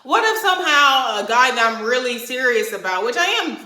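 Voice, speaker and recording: A woman's voice: sits high, big pitch swings, fairly quick, bright, forceful tone. A young woman venting angrily to her camera, heated and profane, hammering her points with emphasis. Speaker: vlogger. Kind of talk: angry venting rant to camera. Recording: echoey room.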